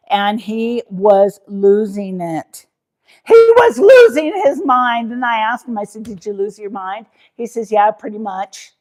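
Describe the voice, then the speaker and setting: A woman hosting a casual cooking livestream, chatty and rambling, quick to laugh. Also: medium pitch, a little mellow.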